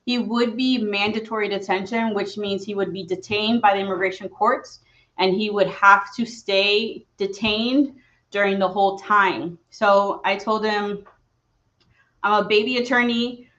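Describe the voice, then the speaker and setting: A woman's voice: medium pitch, steady tone, a little slow, fairly bright tone, lo-fi sound. A woman in her thirties, an immigration attorney, talking earnestly and personally in a live question-and-answer stream, with frequent fillers.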